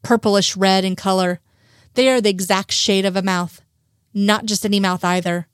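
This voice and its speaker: Story reader, woman, mid pitch, dry recording, steady telling. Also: moderate pace, smooth, dry recording. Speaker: narrator. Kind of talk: reading fan fiction aloud.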